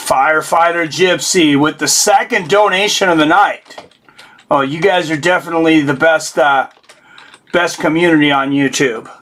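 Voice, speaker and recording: Bright-voiced man hosting a live stream. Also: fairly high pitch, normal speed. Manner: chatty, rambling, thanks donors. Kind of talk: casual live stream chat.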